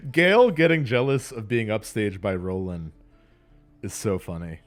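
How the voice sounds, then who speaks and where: A man's voice: lowish voice, expressive, a little slow, soft background music. A man hosting a let's play, chatting casually and laughing often with self-deprecating asides. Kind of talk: casual gameplay commentary.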